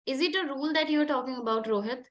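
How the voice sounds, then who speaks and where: A woman's voice: high-pitched, racing, fairly bright tone. A woman with an Indian English accent coaching a group discussion session, questioning students insistently and switching between Hindi and English. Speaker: communication skills trainer.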